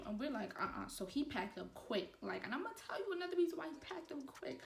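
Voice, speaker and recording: A young woman telling a storytime to her viewers while doing her makeup, animated and talking straight to them. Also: mid-range voice, fairly quick, vocal fry, few pauses, reverberant, far from the mic, a little hiss or hum. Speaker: beauty vlogger.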